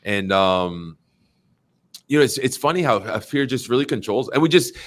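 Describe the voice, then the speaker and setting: A man's voice: medium pitch, moderate pace. A man guest on a podcast, telling sales stories in casual chat and acting out quoted lines in a raised voice. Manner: animated, acts out quotes in a raised voice; frequent fillers and restarts. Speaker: podcast guest, insurance agent.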